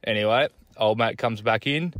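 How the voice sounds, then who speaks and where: A man's voice: on the low side, moderate pace, a bit bright, no room sound. A man with an Australian accent, calling in to a podcast. He swears constantly while spinning a crude joke in a laid-back way. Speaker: caller. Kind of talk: crude casual joke-telling voice message.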